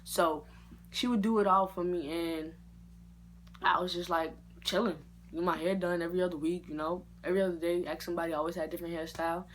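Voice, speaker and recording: Young woman, storytime vlog, slangy, animated, lowish voice. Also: fast talker, slight background noise. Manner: animated, slangy, jumps into high-pitched quoted reactions. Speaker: vlogger.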